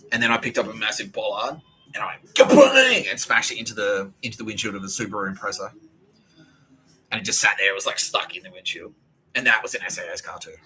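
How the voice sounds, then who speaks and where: A man's voice: lowish voice, bright, forceful tone, a little hiss or hum, rough recording. A man podcasting alone in a rambling, profane monologue that often restarts its sentences.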